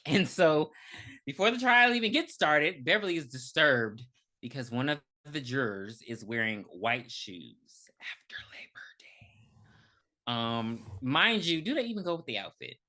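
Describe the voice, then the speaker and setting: A woman's voice: low voice, moderate pace. A woman co-hosting a film review podcast, retelling the plot in casual chat, swearing and acting out characters. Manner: animated, swearing, acts out characters in funny voices. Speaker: podcast co-host.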